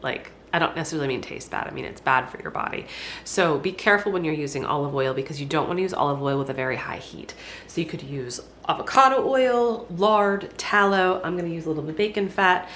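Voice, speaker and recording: A woman's voice: low-pitched, fast, a bit bright, a little hiss or hum. A congested woman, chatting folksily to viewers while she cooks in her home kitchen. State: congested, stuffy voice. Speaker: homesteading vlogger. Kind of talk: casual cooking demonstration.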